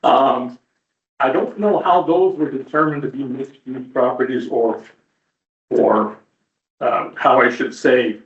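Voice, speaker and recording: A man making a public comment at a meeting, halting and full of fillers, skeptical in tone. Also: mid-range voice. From United States. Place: council chamber. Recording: dull, roomy meeting audio from far off.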